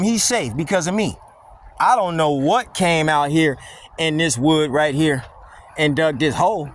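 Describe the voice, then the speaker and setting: A man filming a casual vlog on a windy wooded walk with his dog, talking in a blunt, mocking, slangy rant. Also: a little high. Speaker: dog vlogger. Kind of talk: casual walking vlog monologue.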